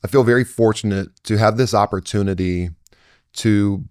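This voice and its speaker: A man's voice: lowish voice, fairly even intonation, normal speed, a little mellow, smooth, dry recording, studio quality. A man speaking as a podcast guest, telling stories in an earnest, emphatic way with frequent restarts. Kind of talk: conversational storytelling.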